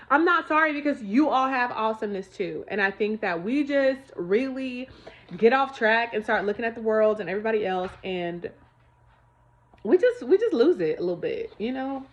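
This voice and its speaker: A woman's voice: fairly high pitch, highs cut off. A woman vlogging at home, chatting emphatically to her viewers about faith and money. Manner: chatty, emphatic, keeps calling viewers y'all. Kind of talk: casual faith testimony to viewers.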